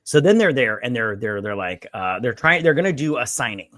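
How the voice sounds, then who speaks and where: Co-host, male, bright tone, dry close sound; rambling recap that slips into acted lines with curses. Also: medium pitch, big pitch swings, a little fast, dry recording. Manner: rambling, acts out characters' lines with swearing. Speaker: podcast co-host. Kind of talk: casual recap chat.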